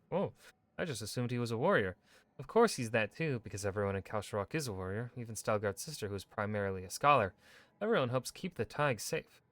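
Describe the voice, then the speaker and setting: A man streaming a video game, reading in-game lore texts aloud in a measured, steady way with brief asides. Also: medium pitch, dry recording. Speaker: gaming streamer.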